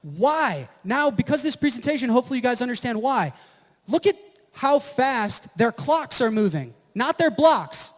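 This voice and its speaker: A man's voice: extremely high pitch, sing-song, normal speed. A man giving a live presentation at an event, brash and profane, who keeps checking with the audience. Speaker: conference presenter. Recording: echoey hall with long reverb.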